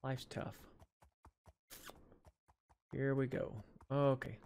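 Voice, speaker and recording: A man's voice: medium pitch, flat delivery, very slow, darkish tone, smooth. A man casually commenting as he plays a video game, chatting to himself and to the animals on screen, with a sore jaw from dental work. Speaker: gaming channel host. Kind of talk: casual let's play commentary.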